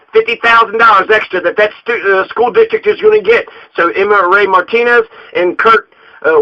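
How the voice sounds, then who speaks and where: A man from Colorado, a local political candidate, delivering an angry, profane political rant full of swearing. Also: high-pitched. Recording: dull lo-fi recording.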